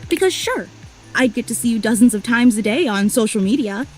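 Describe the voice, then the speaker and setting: A woman's voice: fairly high pitch, animated, brisk, soft background music, rough recording. A woman voicing an overly emotional, clingy young female superfan in a video game, gushing and apologizing in a tearful rush. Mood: adoring.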